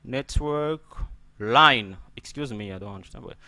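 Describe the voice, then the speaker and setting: A man's voice: mid-range voice, a little slow, bright, forceful tone. A man teaching an English pronunciation lesson, repeating words and checking in with "okay?" after nearly every point.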